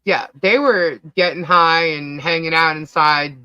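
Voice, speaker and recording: A man with a New York accent co-hosting a casual livestream, reading chat comments out loud in a scattered, distracted way. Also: on the high side, unhurried, clear, resonant tone, dry recording, dull audio. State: hiccups. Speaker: livestream co-host. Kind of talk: casual live-stream chat.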